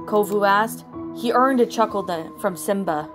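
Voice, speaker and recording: Storyteller woman, mid-pitched, plain read-aloud narration, faint music bed. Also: moderate pace. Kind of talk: reading fan fiction aloud. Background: soft background music.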